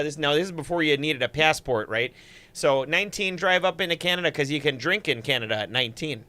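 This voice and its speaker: A man's voice: on the high side, pushed and bright, smooth. A man voicing a folksy, chatty small-town guy with a thick northern Wisconsin accent. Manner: exaggerated folksy drawl, chatty storytelling. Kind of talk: comic put-on accent on a livestream.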